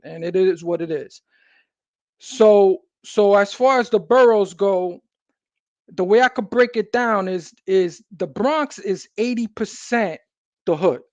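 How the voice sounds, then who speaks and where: New man, high-pitched, emphatic street talker; dry, muffled recording. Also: darkish tone, dry recording. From New York City. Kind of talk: casual conversation.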